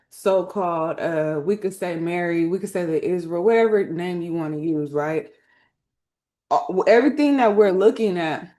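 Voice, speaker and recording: A woman's voice: lowish voice, darkish tone. A woman teaching spiritual lore through tarot cards in a casual, emphatic way, speaking colloquially and often checking in with her listeners. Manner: colloquial, slangy phrasing.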